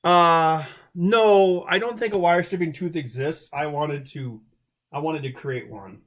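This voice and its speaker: A man's voice: on the high side, measured pace. A man hosting a livestream in casual chat, rambling with frequent restarts and chuckles, speaking into a desk mic. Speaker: livestream host.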